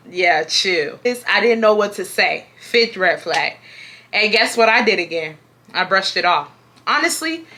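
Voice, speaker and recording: Woman, 20s, from Houston, storytime vlogger, bright voice, playful, animated, jokey asides. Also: mid-range voice. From Houston, Texas. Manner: animated and playful, laughing and joking between parts. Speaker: YouTuber. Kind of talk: storytime vlog, reading a viewer's story and reacting.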